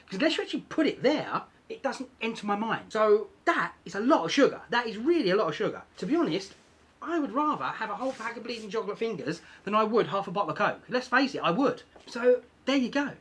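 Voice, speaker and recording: Male vlogger, chatty, husky, animated pitch, explains and repeats points. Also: fast talker. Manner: chatty, self-deprecating, repeats for emphasis. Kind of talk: casual explanatory vlog.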